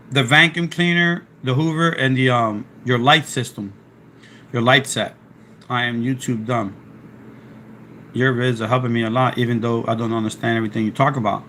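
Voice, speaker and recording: A man's voice: mid-range voice, sharp tone, slight background noise. A man with a Philadelphia accent, talking casually on a live stream and reading chat aloud. He rambles and restarts his sentences while fighting off a sore throat. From South Philadelphia, USA. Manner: chatty, rambling, restarts often.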